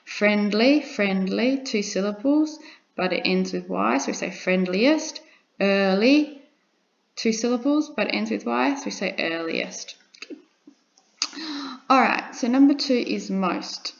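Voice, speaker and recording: A woman's voice: medium pitch, expressive, a little slow, gravelly, long pauses. A woman teaching an English grammar lesson, patiently repeating examples and checking in with her students. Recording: dull lo-fi recording.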